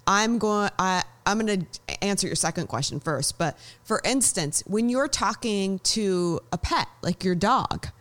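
A woman with a mid-range voice co-hosts a casual podcast. She explains her ideas in an animated, conversational way and backs them up with everyday examples. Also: medium pitch. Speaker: podcast co-host.

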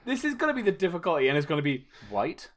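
A man's voice: a little high, very animated, quick pace, a little hiss or hum. A man co-hosting a comedy podcast, giggly and riffing, swearing freely. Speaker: podcast co-host. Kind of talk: casual comedic podcast banter.

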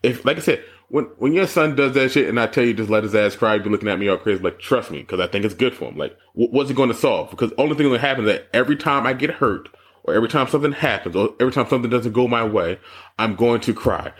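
Brief: male podcast co-host, lively pitch swings, husky, profane storytelling. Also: fast talker. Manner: animated storytelling, profane, jumps high when mocking. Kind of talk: casual chat.

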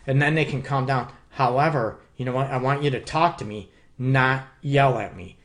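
A man from the Detroit area hosts a live relationship advice show as a counselor, speaking emphatically and constantly checking in with his listeners through "okay?" and "you know what". His mid-range voice is a bit bright, and he keeps a moderate pace with few pauses.

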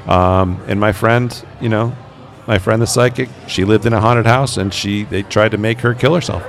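A man, a paranormal investigator, telling stories in a relaxed interview and acting out the quoted voices. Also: fairly low pitch, normal speed. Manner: animated, acts out quoted voices. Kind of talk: conversational interview storytelling.

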